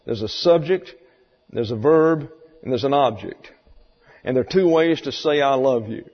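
A man teaching a sermon lecture in a folksy, explanatory way, asking rhetorical questions. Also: medium pitch. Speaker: Bible teacher. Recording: muffled recording in a reverberant hall.

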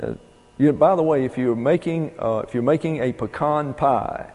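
A man's voice: mid-range voice, normal speed, darkish tone. A man giving a folksy, digressive Bible lecture to a class, spelling out words and numbering his points. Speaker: Bible teacher. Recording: hall with long reverb.

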